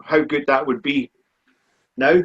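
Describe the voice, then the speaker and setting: A Scottish man in his forties talks back over his racing years in a relaxed, plain-spoken way. His voice is husky and sits at a middle pitch. The sound is dull and muffled, like lo-fi stream audio. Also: unhurried. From Scotland. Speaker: guest, speedway rider. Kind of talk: live online chat.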